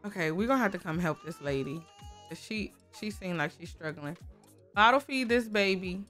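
A woman with a lowish, expressive, fairly bright voice talks at a moderate pace while casually commenting on her game as a gaming YouTuber. She's chatty and exclamatory, speaking to viewers and to the characters, with soft music in the background.

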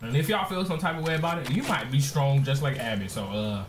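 A man's voice: medium pitch, a little fast. A man giving hyped let's-play commentary, full of playful trash talk and slang. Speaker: gaming streamer. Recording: echoey room with background noise.

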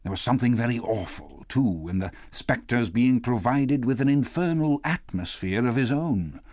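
A man reading a classic novel aloud as an audiobook narrator, measured and expressive. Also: mid-range voice, no echo, studio quality. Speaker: audiobook reader. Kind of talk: scripted narration.

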